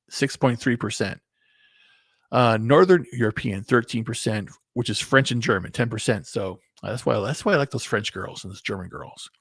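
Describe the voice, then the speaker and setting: Man, mid-pitched, gravelly and a bit husky, rambling casual commentary, dry close sound. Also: no room sound. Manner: rambling, restarts, swears under breath, sharing screen. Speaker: video commentator. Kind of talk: casual opinion monologue to camera.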